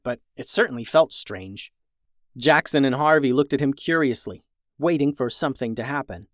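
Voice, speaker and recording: A narrator reading a children's storybook aloud, lively, shifting voices for each character. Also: medium pitch, no room sound, clean studio sound.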